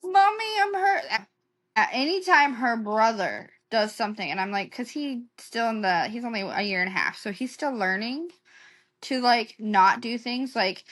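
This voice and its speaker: A young woman co-hosting a podcast talks quickly and laughs often as she trades stories about her small children. Her voice is a little higher than average and sounds bright and sharp. The talk is loose and conversational. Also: expressive. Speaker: podcast co-host. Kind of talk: casual chat.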